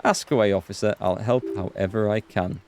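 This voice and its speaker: A man reading as a calm older woman. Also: lowish voice, brisk, a little hiss or hum, natural voice.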